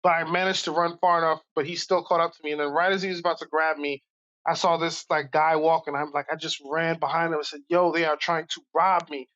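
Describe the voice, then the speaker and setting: A man from Brooklyn tells stories in a lively, casual way. He guests on a podcast, and his voice comes through slightly dull and lo-fi. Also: a little high, fast talker. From Brooklyn, New York. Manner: animated, acts out voices in stories. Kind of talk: casual storytelling.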